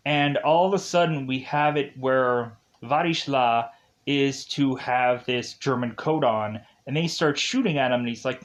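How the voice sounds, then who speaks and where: A man's voice: medium pitch, measured pace, highs cut off. A man reviewing a film, retelling the plot in a rambling, casual way with many fillers.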